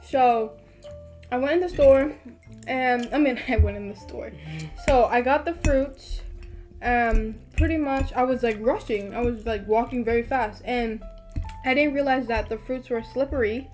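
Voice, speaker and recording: A high-voiced teenage girl tells a story on a casual podcast, chatty and animated with lots of "like". Soft music plays faintly behind her. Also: unhurried. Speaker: podcast co-host.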